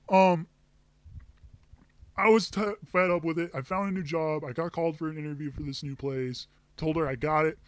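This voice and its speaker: Recorded dry, this young man's voice sits high as he vents on camera. His angry personal rant about a terrible job is profane and punctuated by furious outbursts.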